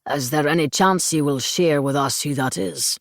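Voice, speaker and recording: A woman's voice: low-pitched, normal speed, dry recording, clean studio sound. A woman voicing a middle-aged man with a thick Scottish accent, asking politely and hesitantly. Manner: polite and tentative.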